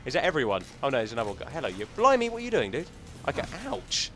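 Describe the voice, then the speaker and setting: A man's voice: medium pitch, wildly swooping pitch, racing, few pauses, fairly bright tone. A man hosting a gaming channel, chatting and joking casually as he thinks aloud through gameplay commentary.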